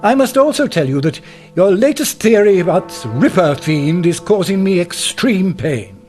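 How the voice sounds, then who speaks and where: A blustering superintendent. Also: male voice, high-pitched, big pitch swings, normal speed, darkish tone, soft background music. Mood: stern. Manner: authoritative, scolding. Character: stern, blustering male police superintendent, older. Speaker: police superintendent. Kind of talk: radio drama acting.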